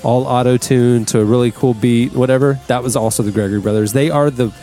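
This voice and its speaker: A man hosting a podcast, chatting casually with his crew, upbeat and quick to laugh. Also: medium pitch, fairly even intonation, dark tone, faint music behind. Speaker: podcast host. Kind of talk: casual chat.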